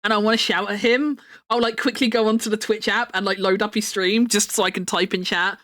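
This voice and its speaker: A woman's voice: mid-range voice, steady tone, a little fast, a bit bright. A young woman chatting casually on her live stream, rambling and laughing often.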